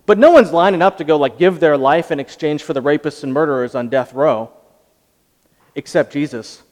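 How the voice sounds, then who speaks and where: A man preaching a sermon, earnest, moving from hushed lines to emphatic ones. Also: a little high, moderate pace, big-room sound. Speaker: pastor. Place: church hall.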